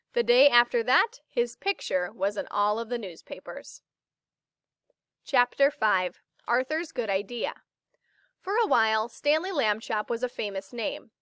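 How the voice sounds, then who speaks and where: A woman reading a children's book aloud, slow and expressive as she narrates. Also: a little high, no room sound, studio quality.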